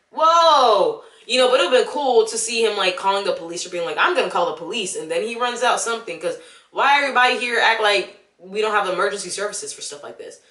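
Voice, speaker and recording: Speaking directly to the camera, a young woman gives a casual movie review, sounding animated and exasperated. Her medium-pitched voice comes across bright and slightly sharp, ringing in an echoey room.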